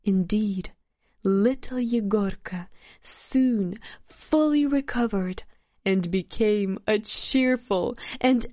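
Woman, storyteller, scripted narration, very slow, measured, earnest, dry dull recording. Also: mid-range voice, darkish tone, no room sound.

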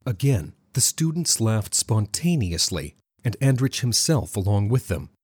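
A man narrates a story with a husky, slightly rough voice and a lively, varied pitch. The recording is close and very dry, with no room sound. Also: measured pace, dry recording. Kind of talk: scripted narration.

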